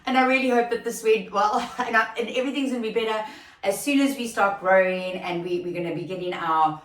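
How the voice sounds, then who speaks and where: A woman's voice: mid-range voice, a little fast, echoey room, far from the mic. A woman hosting a casual solo podcast, chatty and rambling with many fillers and restarts, recorded without proper podcast gear. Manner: grows emotional and excitable near the end. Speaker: podcast host and recruitment company founder. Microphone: no proper podcast mic, recorded without studio gear.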